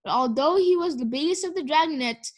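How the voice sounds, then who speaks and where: Casting: woman with a high voice for children's book narration, steady and expressive. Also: fairly quick. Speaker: audiobook reader.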